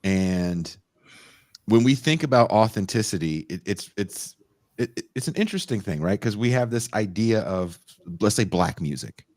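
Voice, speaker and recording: A male podcast host telling a long story in a loose, profane, animated way. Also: fairly low pitch, moderate pace, dry recording, clean studio sound. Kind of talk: casual storytelling chat.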